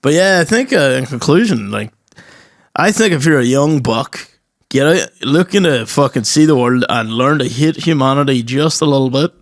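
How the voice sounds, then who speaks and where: A young man in casual podcast banter, quick to tease and crack jokes. His voice is mid-pitched and recorded close and dry. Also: lively intonation, no room sound. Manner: joking, teasing, mimics voices. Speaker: podcast co-host. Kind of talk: casual chat.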